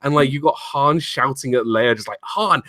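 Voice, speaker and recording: A man's voice: mid-range voice, steady tone, a little fast, a bit bright, dry recording. A man co-hosting a casual movie review chat, chatty with many fillers, mimicking characters. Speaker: co-host.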